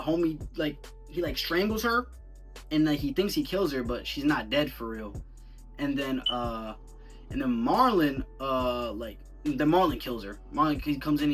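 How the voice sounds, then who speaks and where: A young man reviews a film in a loose, rambling rant thick with slang, sounding animated and incredulous. His voice is bright and forceful. He sits a bit back from the mic, with faint music underneath. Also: mid-range voice, recorded from a distance. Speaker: movie reviewer. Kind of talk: casual movie review rant.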